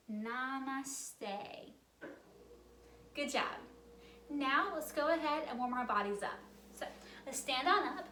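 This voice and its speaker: A woman with a high, bright-pitched voice leads a children's yoga storytime. She talks in a cheerful, sing-song way as she walks small kids through each move. Her voice rings out in a roomy, echoey space. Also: slight background noise.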